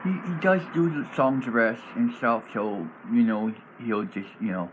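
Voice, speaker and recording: A man casually explaining his tabletop role-playing character, rambling and animated and laughing often. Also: lowish voice, moderate pace, few pauses, highs cut off, background noise.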